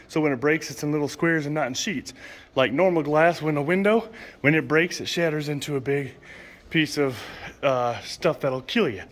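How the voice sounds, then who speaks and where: A man casually narrating a walk through a car museum, enthusiastically reading exhibit signs aloud and sometimes stumbling over names. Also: a little high. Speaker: vlogger touring a car museum. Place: indoor car museum hall.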